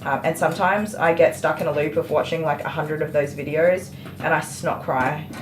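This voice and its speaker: A dog groomer with a low voice chats casually on a livestream as she works inside a grooming salon, answering viewers by name. Her tone is steady, her pace normal, and background noise is audible.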